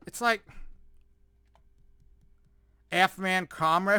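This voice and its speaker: Exasperated man, high bright voice. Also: expressive, normal speed, dry recording. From United States. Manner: exasperated, sarcastic, profane; sighs often, repeats words in frustration. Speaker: commentator reacting to news articles. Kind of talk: ranting commentary.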